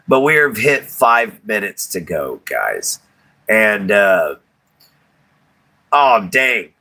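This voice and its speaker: A man with a drawl talks loosely to his live viewers, rambling in a folksy way and chuckling often. His voice sits low and comes out husky. He speaks with a forceful, bright edge. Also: poor audio. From Texas. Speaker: livestream host. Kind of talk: casual chat with live viewers.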